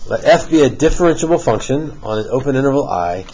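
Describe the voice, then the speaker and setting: A middle-aged man teaching a calculus lesson in a classroom, explaining step by step with relaxed joking asides to students. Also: mid-range voice, quick pace. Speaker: math teacher. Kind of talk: classroom lecture. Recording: dull lo-fi classroom recording with faint hiss.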